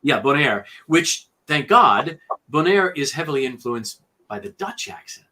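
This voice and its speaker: A man who narrates audiobooks, telling studio stories in a lively interview with lots of fillers and restarts. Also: fairly high pitch, a little slow. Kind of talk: conversational storytelling interview.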